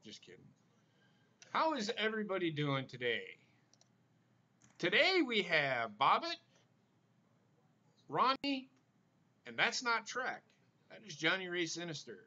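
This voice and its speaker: A man's voice: high-pitched, wildly swooping pitch, unhurried, long pauses, pushed and bright. A man hosting a casual livestream chat, bantering and swearing freely with his guests over a video call. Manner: profane, joking banter. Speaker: livestream host. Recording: muffled video call audio with faint hiss.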